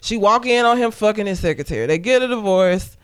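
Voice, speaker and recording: Blunt, smooth-voiced woman recapping a movie. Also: medium pitch, expressive, a little fast. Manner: blunt, profane, joking. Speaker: podcast co-host. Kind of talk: casual movie recap chat.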